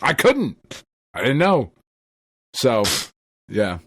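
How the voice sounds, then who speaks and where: A man co-hosting a casual podcast, telling stories full of swearing and quick laughter. His pitch swings widely as he talks, and the recording is dry and close with no room echo. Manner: profane, animated storytelling with frequent laughs. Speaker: podcast co-host. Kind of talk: casual chat.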